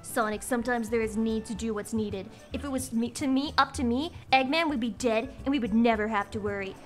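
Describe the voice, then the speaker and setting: A woman voicing a brooding, edgy male hedgehog from a webcomic, in a low, blunt, gruff delivery. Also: brisk, faint music behind, natural voice. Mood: grim.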